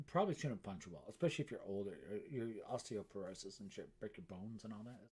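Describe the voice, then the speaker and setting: A man's voice: medium pitch, a little fast, dark tone, breathy edge. A middle-aged man, a painter, chatting casually on a live stream from his art studio, rambling and self-mocking and swearing freely.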